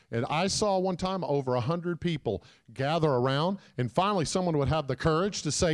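A man's voice: mid-range voice, moderate pace. Man preaching a storytelling sermon. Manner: animated, swings from loud shouts to hushed quiet; calls out to the congregation. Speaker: guest preacher.

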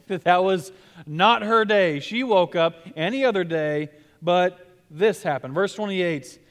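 A man preaching a sermon, acting out scripture scenes with laughter and lively asides. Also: high voice, takes it slowly, clean tone. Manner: animated, acts out scripture dialogue with laughs. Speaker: pastor.

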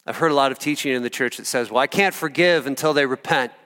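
A pastor preaching a sermon, earnest and animated, telling stories and calling out to the congregation. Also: male voice, mid-range voice, fast, in a large hall. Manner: earnest, animated storytelling with audience asides.

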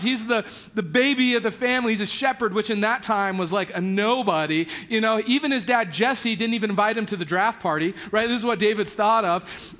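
A man with a notably high voice delivers a sermon. He retells scripture as a casual story, slipping into everyday slang as he acts out the characters' lines. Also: fairly bright tone. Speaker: pastor.

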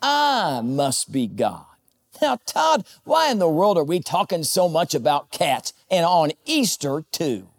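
A man with a slightly higher voice preaches to his congregation in a relaxed, conversational way. He mixes jokes with a personal story, and his voice drops lower and softer as he talks about loss. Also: measured pace, hardly any pauses. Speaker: pastor. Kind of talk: sermon.

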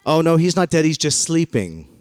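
An evasive male shopkeeper, put on by a preacher, in a raised, wheedling voice. He talks smoothly and dismissively, and the sound is dry and close. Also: fairly high pitch, very animated, moderate pace, no echo, pitched above the performer's own voice. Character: evasive male shop owner, smooth-talking.

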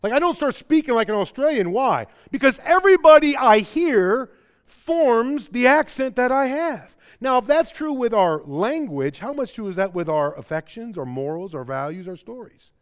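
A man with a Chicago-area accent preaching a sermon, swinging between loud emphatic bursts and quiet low passages, often repeating words as he presses a point. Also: normal speed. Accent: Chicago-area American. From American Midwest. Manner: stumbles and repeats words when excited. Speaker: pastor.

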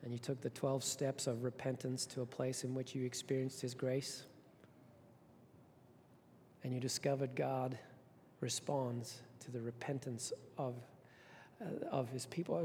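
A man preaching a sermon as pastor, passionate, swinging between hushed and loud, often repeating words. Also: mid-range voice, little pitch movement, measured pace, husky. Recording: long hall reverb.

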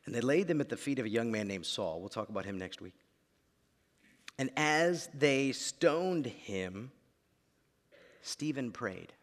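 A man in his thirties preaching a sermon, dropping to quiet lines and then building to shouts. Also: mid-range voice, expressive, a little slow, long pauses. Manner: dramatic, swings from quiet to shouting. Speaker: pastor. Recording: long reverb of a large hall.

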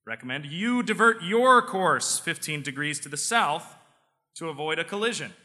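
Man playing a deadpan lighthouse guy, bright voice, big echoey hall. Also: on the high side, moderate pace, pitched above the performer's own voice. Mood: unbothered. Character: calm, dry male lighthouse keeper.

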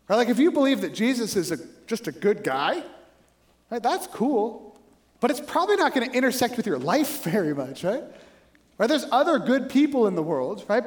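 A male pastor preaching a sermon in a conversational way, telling stories and often asking "right?". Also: sits high. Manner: conversational, animated storytelling with frequent "right?".

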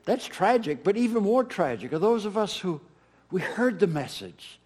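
A man's voice: sits high, normal speed, breathy edge. A middle-aged man preaching a sermon as pastor, emphatic and repeating key phrases. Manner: animated, emphatic preaching with repetitions.

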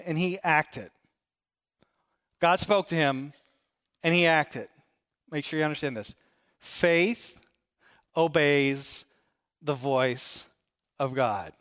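A man preaching a sermon as a pastor, stressing key phrases by slowing down and acting out imagined prayers in a higher voice. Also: fairly bright tone, clear, resonant tone.

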